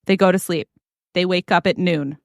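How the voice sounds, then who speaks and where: A woman podcast host telling a gossip story in an animated way, acting out text messages and conversations. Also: fairly low pitch, moderate pace, vocal fry, no echo, studio quality.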